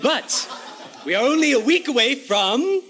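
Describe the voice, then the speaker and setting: A man's voice: very high-pitched, sing-song, unhurried, a bit bright. A man hosting a comedy show, delivering a campy monologue in a grand, haughty, mock-aristocratic manner with affected French touches. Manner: sprinkles in affected French phrases. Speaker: host of a comedy cable show.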